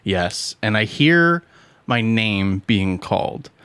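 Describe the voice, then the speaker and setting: A man's voice: lowish voice, animated, slow pace, a bit bright, clean tone, no echo. A young man co-hosting a casual podcast over beers, joking and rambling through a story. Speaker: podcast co-host.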